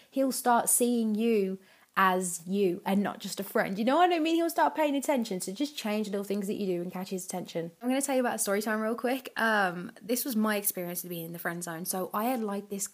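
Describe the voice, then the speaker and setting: A woman's voice: mid-range voice, fairly quick. A young woman, giving frank, chatty advice straight to the camera and acting out the lines she quotes. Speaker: advice vlogger. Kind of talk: casual advice chat.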